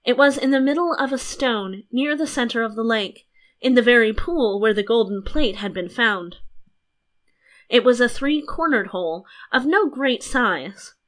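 A woman narrating a fairy tale audiobook in an even storytelling manner. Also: on the high side, a little slow.

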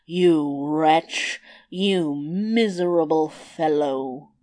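A woman voicing a huge male giant in a storybook reading, speaking slowly, low and with contempt. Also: a little mellow. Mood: scornful. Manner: slow, low, contemptuous growl. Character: huge scornful male giant, gruff and slow.

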